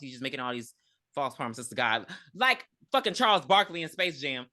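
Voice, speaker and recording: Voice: medium pitch, a little fast. A podcast co-host recapping a movie in casual chat, telling the story with lots of profanity and acting out the characters. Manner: profane, animated storyteller who acts out characters.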